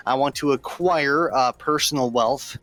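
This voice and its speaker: A man's voice: medium pitch, unhurried, fairly bright tone. A man playing a brash, profane debate candidate who makes mock threats in a joke debate over voice chat.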